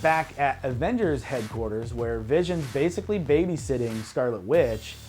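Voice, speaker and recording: A man's voice: medium pitch, expressive, moderate pace, a little mellow, soft background music. A man hosting a casual movie review show, retelling the plot in a loose, heavily profane way. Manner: heavy swearing, loose storytelling. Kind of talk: casual spoiler recap and review.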